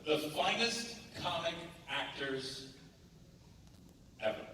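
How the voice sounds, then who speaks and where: A man with a lively, bouncing delivery spins playful anecdotes for a crowd. He sits on a convention panel, picked up from far off in a big echoey hall with steady noise behind him. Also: on the high side, takes it slowly. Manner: animated, playful storyteller. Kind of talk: storytelling to a live audience. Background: audience noise.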